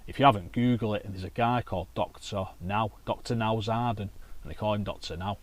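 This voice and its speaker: A lowish, fairly quick voice belongs to a carp angler and vlogger fishing by a lake. He chats to camera casually, telling anecdotes laced with swearing.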